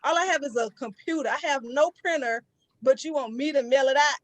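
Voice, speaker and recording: Woman, excited testimony, higher voice, dry close sound. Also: a little fast, no room sound. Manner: animated, colloquial, incredulous exclamations. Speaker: member giving a testimony.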